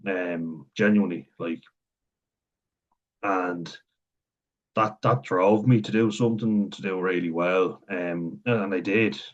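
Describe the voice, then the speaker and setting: A young man with a Wexford Irish accent talks straight to camera in a deep, low voice, rambling and candid. He swears freely and chuckles between thoughts. The sound is dull and lo-fi. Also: steady tone, takes it slowly, pauses often. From Ireland. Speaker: vlogger. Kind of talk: candid personal monologue.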